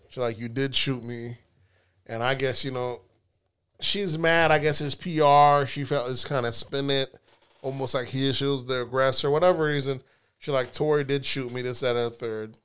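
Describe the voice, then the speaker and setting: Animated man ranting in casual chat. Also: mid-range voice, moderate pace, smooth. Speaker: podcast host.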